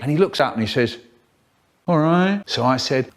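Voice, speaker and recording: A man's voice: medium pitch, very animated, brisk. Rambling man doing absurd comic bits. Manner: rambling, jumps between silly voices. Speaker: collab contributor. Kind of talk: absurd comic monologue in a collab video.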